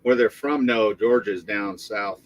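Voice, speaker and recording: A man's voice: lowish voice, a little slow, muffled recording. A man, joining a casual interview chat as a guest with laid-back, dry humor.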